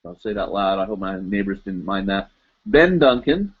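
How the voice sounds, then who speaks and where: A man's voice: low-pitched, big pitch swings, normal speed, slightly rough, phone-quality sound. A man hosting a live stream, casually chatting and reading out viewer comments in a rambling, self-deprecating way.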